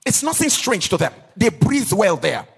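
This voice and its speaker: High-voiced sing-song male preacher. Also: sing-song, vocal fry, breathy edge, in a large hall. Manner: sing-song preaching cadence, stretching key words; asks the audience questions and pauses for answers. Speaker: pastor. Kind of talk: teaching sermon to a live audience.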